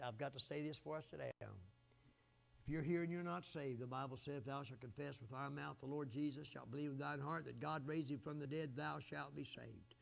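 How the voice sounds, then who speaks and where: An older man preaching a fiery revival sermon, swinging from shouts down to quiet, low asides. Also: gravelly.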